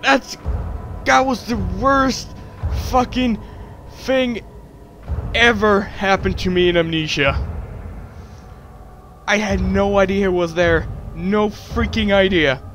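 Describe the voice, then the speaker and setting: A man's voice: high-pitched, steady tone, slow, long pauses, a bit bright, slight background noise. A young man commenting to himself while playing a horror game, joking and swearing between jumpy moments. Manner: talks to himself, swears, jokes, screams at scares. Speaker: gameplay commentator. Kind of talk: horror let's play commentary. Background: game music.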